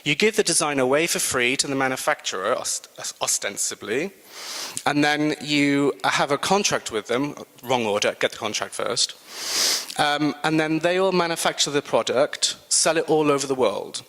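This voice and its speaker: A British man giving a casual, animated guest talk to students, chatty and self-mocking. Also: fairly high pitch, moderate pace. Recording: long reverb in a hall.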